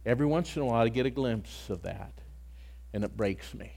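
A man preaching a sermon, his delivery swinging from hushed, intimate phrases to loud, impassioned outbursts. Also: medium pitch, fairly quick, vocal fry, faint music behind. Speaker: pastor.

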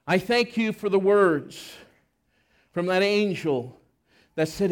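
High-voiced preacher telling a story slowly. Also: male voice, lively intonation. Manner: dramatic, acts out the scenes. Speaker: pastor. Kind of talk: storytelling sermon. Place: church service.

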